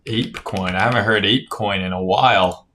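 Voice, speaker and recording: Bright-voiced man breaking down crypto charts. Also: fairly low pitch, moderate pace, slight background noise. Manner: casual, profane, reads chat aloud, says "right?" often. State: yawning, tired. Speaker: crypto trading streamer. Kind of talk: casual chart analysis livestream.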